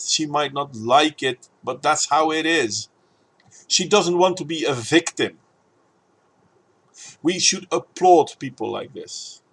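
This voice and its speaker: A man's voice: on the high side, a bit bright, slightly rough. Argumentative man giving opinion commentary. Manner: argumentative, talking to camera. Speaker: video uploader.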